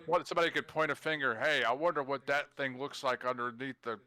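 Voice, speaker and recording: Bright-voiced man chatting. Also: mid-range voice, steady tone, fast. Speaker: player. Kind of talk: casual tabletop game chat.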